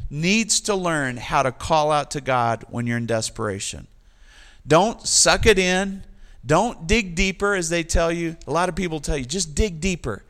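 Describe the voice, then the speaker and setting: Man, pastor, sermon, slightly high voice, lively emphatic preaching, joking asides.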